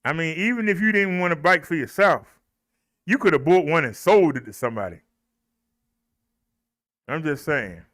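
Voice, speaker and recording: A man's voice: on the high side, animated, normal speed, long pauses, fairly bright tone, no room sound, clean studio sound. A man, hosting a casual live stream, winded and out of breath, talking in a chatty drawl. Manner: chatty, drawls with southern US phrasing. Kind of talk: casual live stream talk, reading stats and pitching deals.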